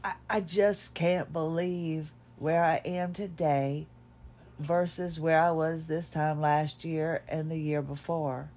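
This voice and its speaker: A middle-aged woman hosting a podcast, talking in a reflective personal monologue, tired, emotional and halting, with many restarts, recorded at home. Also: low-pitched, fairly even intonation, a little mellow. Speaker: podcast host.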